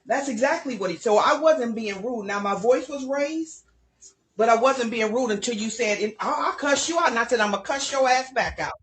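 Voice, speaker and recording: Older woman, slow deliberate storyteller, recounting a dispute. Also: fairly high pitch, reverberant. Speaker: woman in a viral video. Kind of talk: recounting an argument.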